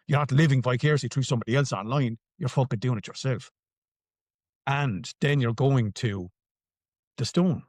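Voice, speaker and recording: Irish male podcast guest, emphatic and salty, dry close sound, mid-pitched. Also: a little mellow, no echo. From Ireland. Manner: emphatic, swears freely, repeats phrases for stress. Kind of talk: conversational interview answers.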